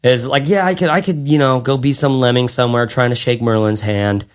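A man's voice: mid-range voice, brisk. A man co-hosting a podcast, chatting casually and rambling with lots of fillers and restarts. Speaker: podcast co-host. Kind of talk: casual podcast chat and outro.

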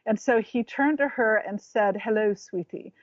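A woman's voice: fairly high pitch, normal speed, no room sound, dull audio. Woman guest chatting away, rambly, very dry close sound. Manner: chatty, rambling, restarts when searching for words. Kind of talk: casual chat.

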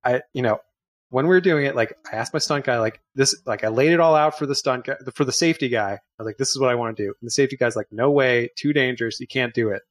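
A man on a movie podcast recounting a behind-the-scenes story in a relaxed, chatty way. His voice sits in an ordinary middle pitch. He keeps it conversational with fillers. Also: rapid-fire. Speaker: podcast co-host. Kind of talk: casual chat.

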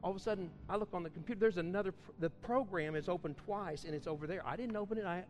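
During a church service, a pastor preaches a sermon in a high, fervent, rapid-fire voice. He alternates between loud, ringing outbursts and quiet, chatty storytelling while faint music plays in the background.

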